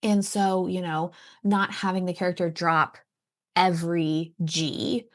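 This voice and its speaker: Thoughtful woman writer, low voice. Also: level tone, measured pace. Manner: thoughtful, trails off and restarts while thinking. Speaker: writer and writing teacher. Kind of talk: casual podcast chat.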